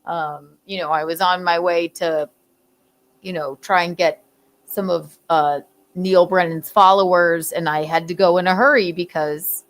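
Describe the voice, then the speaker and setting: A woman's voice: on the low side, fairly even intonation, unhurried. A woman hosting a casual comedic commentary show, rambling and giggling as she talks, and swearing freely. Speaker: host.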